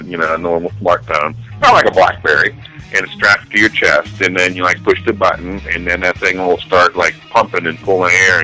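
A man's voice: sits low, bright, forceful tone, rough recording. A man co-hosting a talk show, laid-back and slangy, calling everyone "man" and "dude". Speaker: co-host. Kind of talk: casual crude banter.

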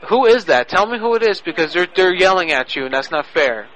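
A man's voice: sits high, lively intonation, a little fast, fairly bright tone. A man making a prank phone call, lecturing in an indignant way over a lo-fi line. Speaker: prank caller. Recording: lo-fi phone audio on radio.

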